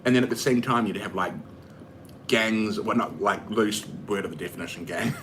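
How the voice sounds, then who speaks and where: A man's voice: lowish voice, moderate pace, background noise. A man with a New Zealand accent chatting casually and rambling with lots of fillers while he cooks for his vlog. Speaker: vlogger. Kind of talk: casual chat while cooking.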